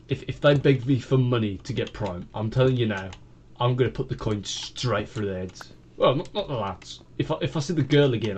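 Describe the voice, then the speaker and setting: A man's voice: fairly low pitch, a little hiss or hum. A British man casually telling a rambling story, full of fillers and restarts. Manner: rambling, full of fillers and repeated "I kid you not". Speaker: gaming vlogger.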